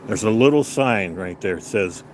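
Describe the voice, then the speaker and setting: An older man tells a road story outdoors in an angry, profane rant, swearing with nearly every line. His pitch swings widely as he goes. A faint outdoor ambience sits behind him. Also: lively intonation, normal speed, a little hiss or hum. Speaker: vlogger. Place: outdoors on a restaurant patio.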